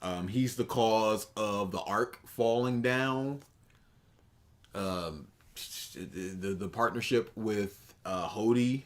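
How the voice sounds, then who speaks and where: A man's voice: lowish voice, slow pace. A man co-hosting a livestream, bantering playfully and teasing his co-host while reacting to a video. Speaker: stream co-host. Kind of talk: casual chat.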